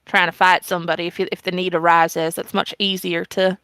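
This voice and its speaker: Bright-voiced joking woman gamer. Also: lowish voice, level tone, clean tone, no room sound. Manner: chatty, joking, quick asides. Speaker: tabletop game player. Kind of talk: casual online game chat.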